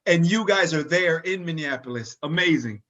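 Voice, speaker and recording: A man's voice: on the high side, lively intonation, moderate pace, highs cut off, a loud crowd. A man hosting an interview, cutting in with short affirmations and follow-up questions. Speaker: host.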